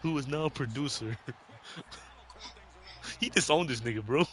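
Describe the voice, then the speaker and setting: A man's voice: on the high side, sing-song, a little slow, a bit bright. A man co-hosting a casual wrestling podcast, bantering with slang and laughing asides. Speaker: podcast co-host. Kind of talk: casual wrestling review chat.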